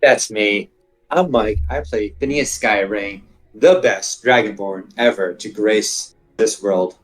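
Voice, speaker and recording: A man's voice: on the low side, takes it slowly, low-quality recording. A man playing in a tabletop game stream, chatting in a playful, boastful way. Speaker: player. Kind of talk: casual stream chat.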